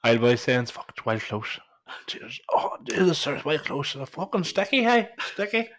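A man's voice: fairly high pitch, very animated, normal speed, fairly bright tone. Young man, podcast co-host, casual, sweary, laughs a lot. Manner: laughs often, swears freely. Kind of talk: casual chat.

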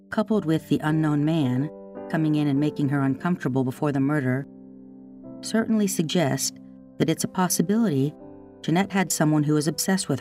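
A podcast host narrates a true-crime script in a calm, deliberate manner. The voice sits at a middle pitch. A faint guitar plays quietly underneath. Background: faint guitar music.

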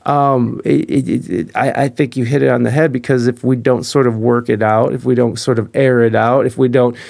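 A man's voice: mid-range voice, flat delivery, fairly quick, creaky, darkish tone, no room sound, studio quality. A man hosting a casual conversation, earnest, often repeating words and swearing.

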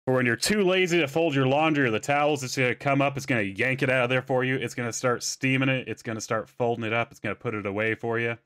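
A man's voice: medium pitch, steady tone, fast talker, hardly any pauses, fairly bright tone. A man chatting casually as a contestant, telling rambling stories and swearing freely. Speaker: contestant pitching products. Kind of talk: casual comedic chat.

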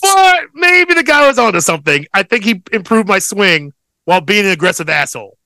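A young man co-hosting a podcast, telling a long story in a profane, rambling, animated way. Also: sits high, a little fast, dry recording. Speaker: podcast co-host. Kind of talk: casual storytelling chat.

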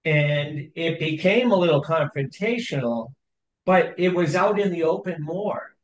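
A middle-aged man hosting a conversational interview, speaking in a thoughtful, measured way with pauses. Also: a little high, expressive. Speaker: host. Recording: echoey room.

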